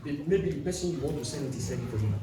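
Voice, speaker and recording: A man, preaching a sermon with call-and-response and sudden shouts. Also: on the high side, expressive, racing. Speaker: pastor. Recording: echoey hall, distant mic, music behind.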